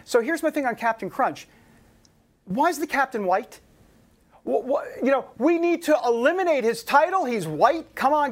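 A woman hosting a talk show, delivering a sarcastic, mocking opinion monologue and interviewing a guest. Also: fairly high pitch.

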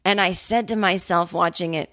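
A woman with a lowish speaking voice tells a long, rambling story with profane, sarcastic asides. The sound is dry and close, with no room around her. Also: no room sound. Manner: animated storyteller, quick asides. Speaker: comedian podcast host. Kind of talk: casual solo monologue.

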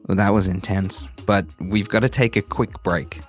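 A man's voice: fairly low pitch, steady tone, normal speed, faint music behind. A man co-hosting a podcast, bantering competitively and teasing his partner. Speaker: podcast co-host. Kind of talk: casual chat.

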